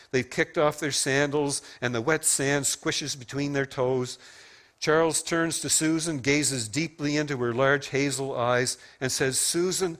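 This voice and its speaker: A man giving a sermon at a church service, talking in a relaxed, conversational way with touches of self-deprecating humor. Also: medium pitch. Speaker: pastor.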